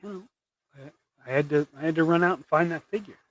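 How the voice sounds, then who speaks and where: A man's voice: fairly high pitch, quick pace, no echo. A man hosting a casual livestream while he paints custom action figures, rambling and trailing off into mumbles.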